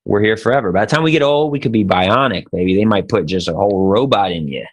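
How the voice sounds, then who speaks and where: A man hosting a podcast with his buddy, his voice sitting low. He talks casually and tells a joke in a loose, laid-back way. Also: quick pace. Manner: joking, laid-back storyteller. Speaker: podcast co-host.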